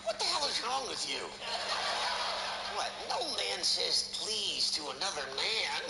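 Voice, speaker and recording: A man's voice: sits high, huge pitch swings, measured pace, heavy background noise, full character voice. A man voicing a cranky old man puppet. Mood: scornful. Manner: gruff, blunt, insulting. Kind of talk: ventriloquist stage comedy.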